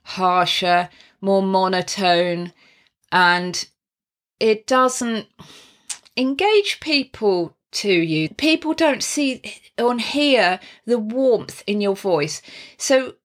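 Slow-talking woman giving a friendly tutorial. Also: medium pitch, lively intonation. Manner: friendly, explanatory, with light laughs and small restarts. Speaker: presenter teaching on-camera skills. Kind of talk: casual instructional talk to camera.

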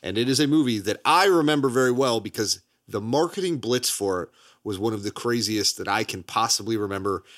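A man co-hosting a casual movie podcast, animated and quick with asides, laughing often. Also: fairly low pitch. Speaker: podcast co-host.

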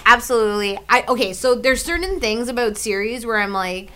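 A woman co-hosting a podcast, blunt and quick to laugh in casual chat. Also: fairly high pitch, sharp tone. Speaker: podcast co-host.

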